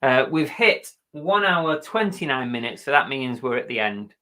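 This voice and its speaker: A man's voice: medium pitch, very animated, moderate pace, bright, forceful tone. A British man hosting a casual live stream, chatty and jokey, often poking fun at himself. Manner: chatty, jokey and self-mocking. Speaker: reseller live-streaming host.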